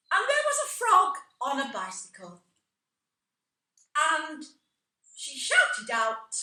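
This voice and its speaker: A woman's voice: sits high, pushed and bright, full character voice. An older woman playing a chatty rambling reminiscing woman. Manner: rambling, tangential, laughing at her own asides. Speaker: amateur stage actor. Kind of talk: amateur stage play monologue. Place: theatre stage. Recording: roomy hall sound from a distant mic.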